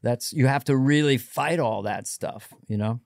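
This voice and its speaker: Reflective middle-aged comedian. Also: male voice, medium pitch, normal speed, gravelly, darkish tone, no room sound, clean studio sound. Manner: reflective, advice-giving, wandering. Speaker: comedian guest. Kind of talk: casual podcast chat.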